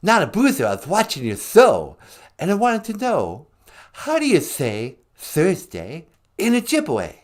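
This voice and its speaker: Guy doing a laid back rock star caller, slow and smooth, a bit higher. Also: huge pitch swings, exaggerated voice. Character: famous rock singer calling in to a show.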